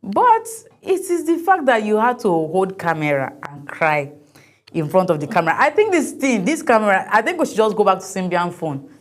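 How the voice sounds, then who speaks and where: A woman's voice: mid-range voice, very animated, moderate pace. A woman hosts a TV talk show, giving chatty, opinionated commentary on viral videos. She reads out viewer comments and laughs easily.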